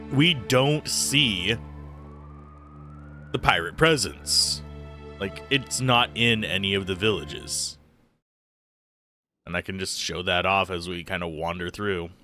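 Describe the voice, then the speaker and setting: A man's voice: sits low, pushed and bright. A man streaming a game live, talking casually with a groggy, phlegmy morning voice, rambling and self-deprecating. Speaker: let's play streamer.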